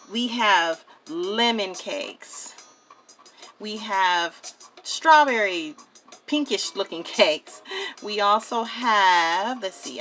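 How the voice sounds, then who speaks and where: A woman hosting her own craft channel, talking viewers through a miniature project in a chatty, excitable way. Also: medium pitch. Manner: chatty and excitable, addresses viewers as "you guys". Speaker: craft vlogger. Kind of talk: casual crafting tutorial.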